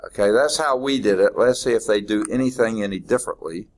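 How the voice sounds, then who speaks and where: A middle-aged man teaches a math class in an informal, folksy classroom lecture, thinking aloud and correcting himself along the way. He talks fast in a voice on the low side.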